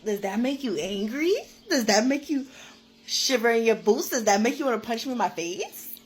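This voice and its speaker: A woman's voice: a little high, animated, moderate pace, slight background noise. A woman talking in a taunting, sarcastic way.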